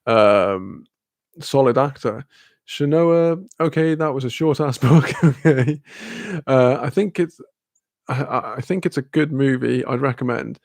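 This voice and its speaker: Chill guy streaming from his room, gravelly voice, dry close mic, rambling and swearing a lot. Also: medium pitch, measured pace, darkish tone, dry recording. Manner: rambling, laid-back, swears casually, laughs often. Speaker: streamer chatting with live chat. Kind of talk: casual live-stream chat.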